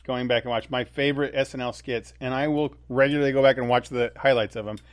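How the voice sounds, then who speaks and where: A man's voice: medium pitch, fast. A man with a mid-range voice, talking on a podcast in an easygoing, conversational way. He often restarts his sentences as he thinks aloud. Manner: relaxed, conversational, with frequent restarts. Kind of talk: casual chat.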